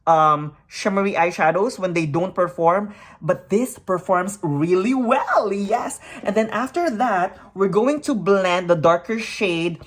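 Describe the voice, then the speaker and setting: A woman's voice: on the low side, unhurried. A woman hosting a casual makeup tutorial, chatty and upbeat, often saying "actually" and "really" as she works. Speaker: makeup vlogger.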